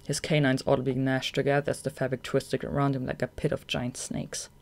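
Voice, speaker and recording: A narrator reading a fan audiobook in an even, measured way. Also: mid-range voice, vocal fry.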